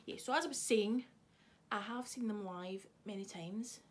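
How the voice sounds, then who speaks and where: A woman's voice: medium pitch, normal speed, slight background noise. A young woman, chatting casually to camera in a vlog, swearing freely and teasing someone off camera. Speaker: vlogger. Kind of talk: casual chat.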